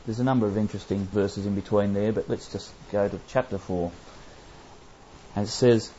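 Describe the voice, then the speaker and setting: A man's voice: lowish voice, brisk, mellow, slight background noise. A man teaching a Bible study, explaining passages and asking his listeners rhetorical questions. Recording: dull lo-fi recording.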